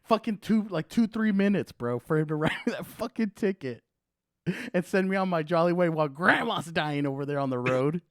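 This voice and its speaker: A man's voice: a little high, lively intonation, fairly quick, no room sound, studio quality. A young man hosting a podcast, telling a story in a loose, profane way, full of "dude" and "bro". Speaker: podcast host. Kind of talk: casual podcast chat.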